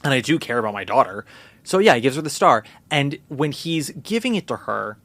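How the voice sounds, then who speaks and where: A young man hosting a podcast in casual chat, animated and profane, acting out quotes in little voices. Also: medium pitch, fairly quick, no echo. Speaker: podcast host.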